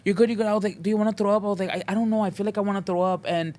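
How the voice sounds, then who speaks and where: A young man guesting on a podcast, telling a story with lively impressions of other people and slipping Spanish words into his English. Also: high voice, racing. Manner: animated storytelling, acting out other people's voices. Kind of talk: casual chat.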